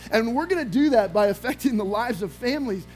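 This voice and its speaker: High-voiced pastor preaching with energy. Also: male voice, brisk, soft background music, poor audio. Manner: energetic storytelling with acted-out quotes. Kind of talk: sermon. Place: church sanctuary.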